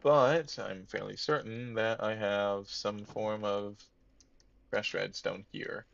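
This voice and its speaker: A man's voice: on the low side, steady tone, slow pace, gravelly, a bit bright, dull audio. A man casually commenting on his gameplay, thinking aloud and muttering to himself as he plays. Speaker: let's-play gamer.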